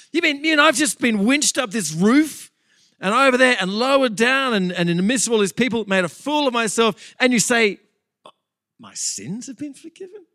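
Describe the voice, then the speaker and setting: A preacher putting on a baffled, indignant paralysed man who has just been lowered through a roof. He protests in a raised, climbing voice that swings wildly up and down. It is a loud, incredulous outburst. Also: big pitch swings, measured pace, pauses often, heavily acted.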